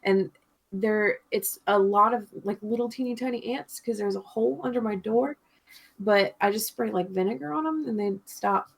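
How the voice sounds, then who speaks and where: A woman's voice: medium pitch, normal speed, gravelly. Chatty woman rambling through a story. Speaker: podcast co-host. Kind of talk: casual chat.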